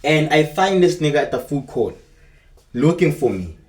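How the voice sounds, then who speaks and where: A man's voice: on the high side, big pitch swings, moderate pace, darkish tone. A young man with a South African accent, rambling through a casual storytime in slangy street talk. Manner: rambling and slangy, keeps calling the viewer bro. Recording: echoey room, mic at a distance.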